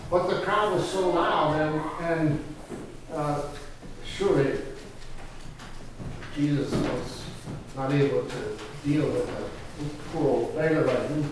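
A man playing an earnest old blind beggar. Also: on the high side. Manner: halting, repeats words, rises to cries. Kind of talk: first-person dramatic monologue. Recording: echoey hall, distant mic, noisy.

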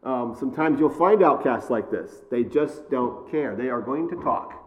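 A man's voice: mid-range voice, animated, moderate pace. A man preaching a sermon in a conversational way, often checking in with "all right?" and "okay?", with some self-deprecating humor. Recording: long reverb, dull lo-fi sound.

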